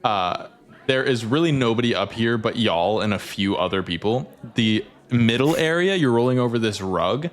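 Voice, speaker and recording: A man narrating as game master, easygoing and quick to laugh. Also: medium pitch, animated.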